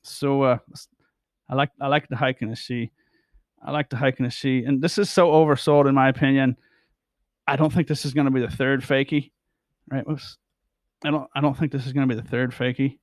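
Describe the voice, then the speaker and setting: A man's voice: mid-range voice, steady tone, fairly quick, pauses often, no room sound. A man talks through his price charts in a loose, rambling way, stumbling over words and repeating himself. His voice sits in an ordinary middle range. The sound is dry and close, with no room behind it. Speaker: crypto chart vlogger. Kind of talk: casual chart commentary.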